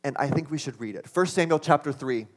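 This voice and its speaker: A man's voice: fairly high pitch, quick pace. A man preaching a sermon, earnest and building to impassioned exclamations. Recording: long hall reverb.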